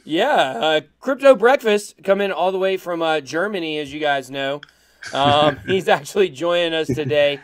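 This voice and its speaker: A man co-hosting a casual podcast chat, excitable and laughing, explaining things at length. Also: fairly high pitch, normal speed. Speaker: podcast co-host.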